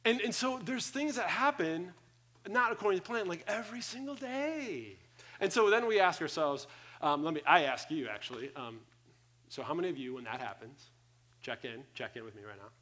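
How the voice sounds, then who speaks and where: Young male pastor, fairly high voice, lively sermon delivery that swings loud and soft, addressing a congregation. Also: moderate pace. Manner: energetic, acts out quoted thoughts, swings loud and soft. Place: church hall with audience.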